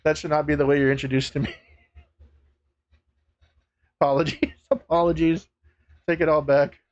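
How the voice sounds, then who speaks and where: A man streaming live, chatting casually to viewers, laughing often, swearing and getting excitable. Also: fairly high pitch, fast talker, highs cut off.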